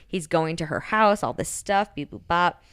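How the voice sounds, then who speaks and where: A woman's voice: lowish voice, expressive, moderate pace, a bit bright, clean tone, no echo, clean studio sound. A woman in casual podcast chat, recapping a novel's plot in a loose, chatty way full of "like" and the odd swear word.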